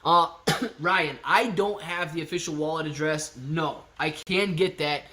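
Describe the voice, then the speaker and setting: A man hosting a live stream, chatting casually and excitably with his viewers and thinking out loud. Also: a little high, measured pace. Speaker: livestream host answering chat.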